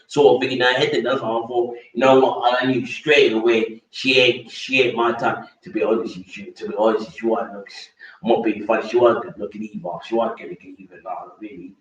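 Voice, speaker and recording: Vlogger, rambling repetitive rant with crude slang; dull, distant, echoey recording. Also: male voice, medium pitch. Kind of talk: casual rant to camera.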